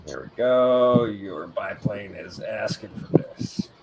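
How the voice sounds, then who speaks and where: A man calling out moves while playing a flight game on a live stream. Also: fairly low pitch. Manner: slow, drawling game callouts. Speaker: gamer. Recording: noisy home stream audio.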